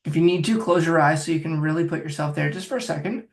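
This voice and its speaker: Gravelly-voiced man coaching a listener. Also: fairly high pitch, fast. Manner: directive, coaching, talks viewer through steps. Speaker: phobia coach. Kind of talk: guided self-help exercise.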